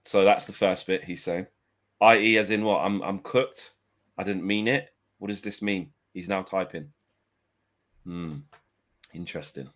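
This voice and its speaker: A man's voice: deep voice, steady tone, unhurried, pauses often, fairly bright tone. A man co-hosting a casual fan podcast, bantering and reading messages aloud.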